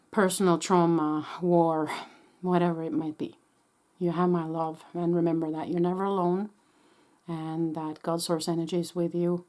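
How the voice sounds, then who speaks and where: A woman psychic medium giving a gentle, reassuring spiritual talk, pausing and restarting often while sucking a lozenge. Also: lowish voice. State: sucking a lozenge after coughing.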